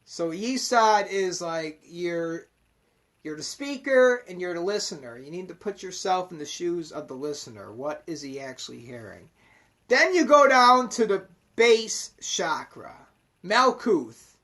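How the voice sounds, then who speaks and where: Slow-talking, foul-mouthed man rambling. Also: high voice, big pitch swings, bright, forceful tone. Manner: swears constantly, rambling and emphatic. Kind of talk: casual profane monologue explaining Kabbalah.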